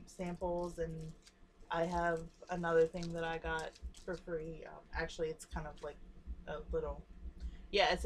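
A young woman with a lowish voice chats casually and hesitantly, stopping often with ums. Faint hiss runs under her voice. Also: recorded from a distance. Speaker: vlogger. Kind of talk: casual chat.

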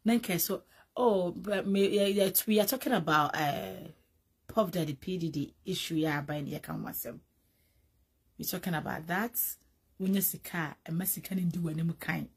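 Husky Ghanaian woman gossiping animatedly. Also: fairly low pitch, moderate pace. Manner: animated, mixes English with Twi, repeats words. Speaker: entertainment vlogger. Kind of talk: casual gossip commentary.

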